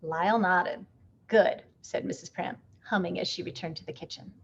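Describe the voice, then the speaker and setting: A woman reading a picture book aloud with expressive, animated storytelling. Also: on the low side, brisk, creaky, muffled recording, a little hiss or hum.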